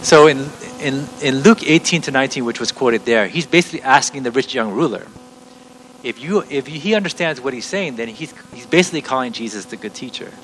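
A man's voice: mid-range voice, brisk, fairly bright tone, slight background noise, low-quality recording. A middle-aged man teaching a sermon, earnest and explaining step by step, often restarting his sentences. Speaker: preacher.

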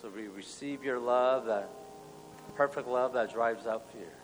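A male pastor leading an earnest spoken prayer, moving between hushed and loud passages. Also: mid-range voice, measured pace. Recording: long hall reverb, soft music.

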